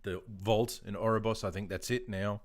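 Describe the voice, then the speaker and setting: Aussie bloke chatting on a live stream, relaxed and rambly, lots of ums, deep voice. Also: male voice, moderate pace, no echo. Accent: Australian. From Australia. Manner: relaxed, rambling, chuckles often, many ums. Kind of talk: casual live stream chat.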